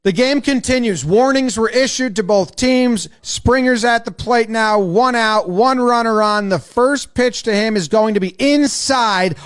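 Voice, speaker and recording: A man giving a casual, excitable, profane breakdown of a baseball game, acting out what the players say. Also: very high voice, moderate pace, hardly any pauses, clear, resonant tone. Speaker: sports video commentator.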